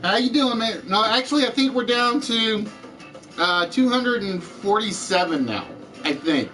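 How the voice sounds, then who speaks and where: A man's voice: high voice, lively intonation, measured pace, pushed and bright, faint music behind, rough recording. A man with a Southern US accent hosting a live-streamed trivia game show, chatting with viewers and answering their comments as he goes.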